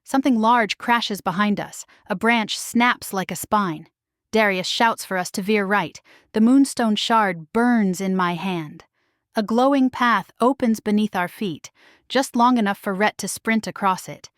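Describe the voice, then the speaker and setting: Slow, dry-voiced woman narrator. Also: medium pitch, dry recording. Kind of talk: first-person romance story narration.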